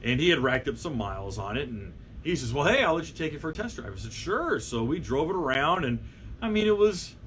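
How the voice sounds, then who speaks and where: A middle-aged man hosting a car show, casually telling a story to camera with many fillers and restarts, and lively when he quotes people. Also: on the high side, a little fast, a little hiss or hum. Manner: rambling, frequent fillers and restarts, animated when quoting people. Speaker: magazine editor and show host.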